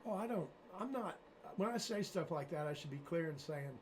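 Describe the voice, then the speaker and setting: A man's voice: on the high side, animated, brisk, a little hiss or hum, rough recording. A man, a radio host, chatting casually on a podcast in a goofy way, often trailing off and cutting in. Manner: goofy, interrupting, trails off mid-sentence. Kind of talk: casual chat.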